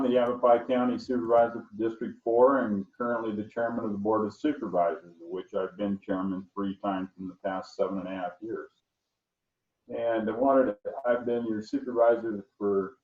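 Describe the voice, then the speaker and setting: An older man delivers a prepared campaign speech in a steady, formal way with low pitch. He sounds far from the microphone, in an echoey space. The sound is thin and phone-like. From Arizona. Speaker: county supervisor candidate. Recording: distant echoey phone-like line.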